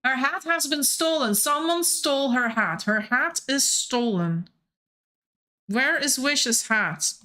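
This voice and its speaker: A woman's voice: high-pitched, lively intonation, slow pace, sharp tone. A woman giving live game stream commentary, chatty and playful as she thinks aloud.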